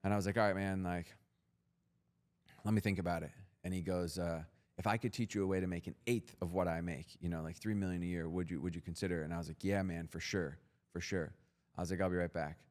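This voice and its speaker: A man's voice: low-pitched, fairly even intonation, fast talker, darkish tone. A young man as a podcast guest, telling his story in a blunt, profane, intense motivational way. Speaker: guest entrepreneur.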